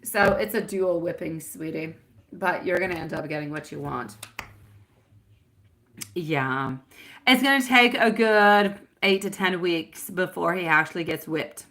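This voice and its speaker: A woman's voice: fairly low pitch, measured pace, fairly bright tone. A woman hosting a live tarot reading, chatty and giggly, calling her viewers sweetie and my love. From France.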